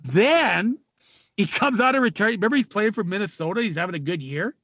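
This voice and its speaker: High-voiced man telling rowdy stories. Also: fast talker. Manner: animated, laughing, swearing storyteller. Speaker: former hockey player, podcast guest. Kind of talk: casual storytelling.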